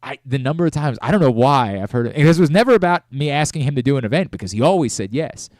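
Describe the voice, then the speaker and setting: A middle-aged man hosting a sports radio talk show, talking in an animated way with frequent restarts and self-corrections. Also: medium pitch, fast, dry recording, studio quality.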